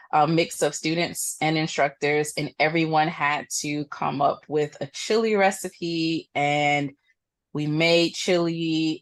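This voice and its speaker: A woman guest in a casual interview, bubbly, laughing easily and thinking out loud as she talks. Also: sits low. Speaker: interview guest, employment programs manager.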